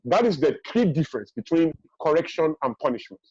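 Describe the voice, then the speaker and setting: A husky man speaks in a high register. He gives forceful parenting advice as a webinar guest and hammers home each point by repeating it. The video-call audio is dry and dull. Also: very animated, a little fast, no echo. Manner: emphatic, repeats key points, acts out parents' lines.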